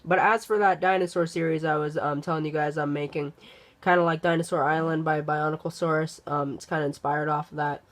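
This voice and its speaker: A young YouTube host who says they are sick and congested, giving a casual channel update vlog in a rambling, halting way full of ums and restarts. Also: mid-range voice, steady tone.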